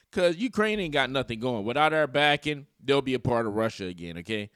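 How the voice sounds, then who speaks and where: A man's voice: medium pitch, animated, a little fast, hardly any pauses, fairly bright tone, dry recording, clean studio sound. A man giving casual, opinionated political commentary for his channel, slangy and full of joking asides. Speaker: YouTube commentator.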